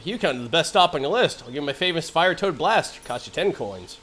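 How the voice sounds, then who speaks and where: A man voicing a pushy game merchant, reading the line in a low, hushed sales patter. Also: animated, a little fast, a little hiss or hum. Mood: salesy.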